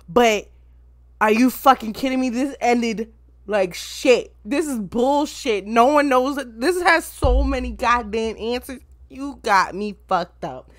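A woman hosting an anime reaction video, ranting excitedly and swearing freely at her viewers. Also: fairly high pitch, no room sound. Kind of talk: casual reaction commentary.

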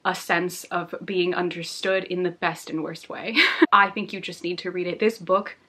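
A woman's voice: on the low side, steady tone, normal speed, pushed and bright, breathy edge. A woman chatting casually on camera as a book reviewer, gushing and effusive, at times tearful and laughing. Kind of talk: casual vlog chat.

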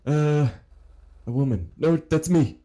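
In a pretend traffic stop, this man takes on the part of a forgetful, bewildered elderly driver who stammers and says things twice. His voice sits on the higher side, warm and slow, and his hesitant delivery comes across as confused and muddled.

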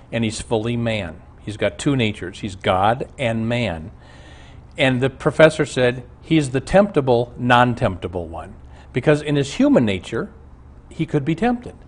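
A man's voice: medium pitch, darkish tone. A male pastor giving an earnest, emphatic Bible teaching and telling stories from his own life. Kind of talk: teaching sermon on a Bible show.

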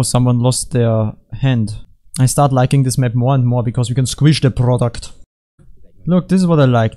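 A young man talks through custom game levels in a loose, rambling way, cracking jokes and restarting his sentences. His voice sits at an average pitch with a dark, mellow tone. He drifts between comments, half-finished thoughts and playful asides. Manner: rambling, jokey, self-correcting, puts on silly voices. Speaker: gaming YouTuber. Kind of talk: casual gameplay commentary.

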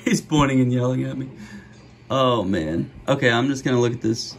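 A middle-aged man hosting a card-opening video, chatting casually and joking, with sudden gasps and bursts of excitement. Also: medium pitch, unhurried, pauses often, low-quality recording. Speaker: card-opening channel host. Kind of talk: casual pack-opening commentary.

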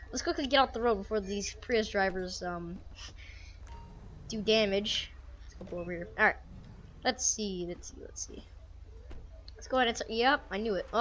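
A woman's voice: mid-range voice, a bit bright, highs cut off. Chatty woman narrating gameplay. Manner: chatty, laughs often, talks to game characters. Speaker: gamer playing a police sim. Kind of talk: casual gameplay commentary.

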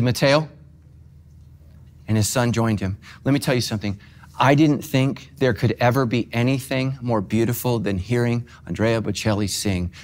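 A middle-aged man preaching as pastor, moving between quiet, heartfelt moments and self-deprecating humor. His delivery is conversational rather than formal, with an emotional pull. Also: on the low side. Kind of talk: sermon.

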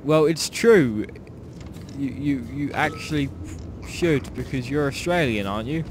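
Over slight background noise, a young gaming channel host from Ireland talks through his gameplay in a medium-pitched voice that's a little slow. His chat is jokey and meandering, with sentences frequently left hanging before he restarts.

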